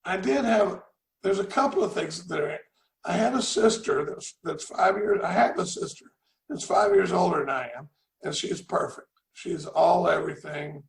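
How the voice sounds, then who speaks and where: Folksy man, middle-aged, rambling recovery talk, gravelly, echoey room. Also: sits high, normal speed. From Dallas, Texas. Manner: rambling, repeats words, folksy. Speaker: recovery meeting speaker. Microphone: video call.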